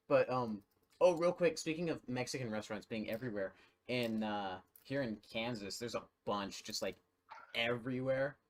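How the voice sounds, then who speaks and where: A man's voice: medium pitch, moderate pace. A man co-hosting a casual podcast chat, hesitant and stammering as he talks. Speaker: podcast co-host.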